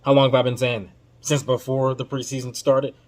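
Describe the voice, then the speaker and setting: A man's voice: mid-range voice, brisk. Emphatic man ranting about basketball. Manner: emphatic and animated, swinging from loud to muttered; informal slang-heavy delivery. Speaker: podcast host. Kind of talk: casual basketball commentary.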